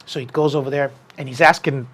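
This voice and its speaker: A man co-hosting a combat sports podcast, telling a story in casual chat and jumping into a higher voice when he acts out what people said. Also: fast. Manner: animated, acts out quoted people in a raised voice. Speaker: podcast host.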